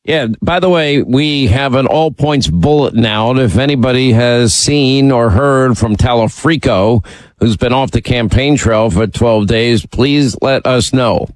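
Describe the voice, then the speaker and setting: A man hosts a talk radio show, holding forth in emphatic, opinionated runs and ribbing his callers. His voice sits at an ordinary male pitch, close and dry in a studio booth. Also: measured pace, no echo, low-quality recording. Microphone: studio mic.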